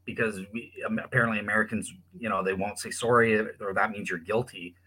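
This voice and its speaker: Husky-voiced Canadian man, low and bright. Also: a little fast, rough recording. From Newfoundland, Canada. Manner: relaxed, chatty, with frequent likes. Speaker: guest. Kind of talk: casual podcast chat.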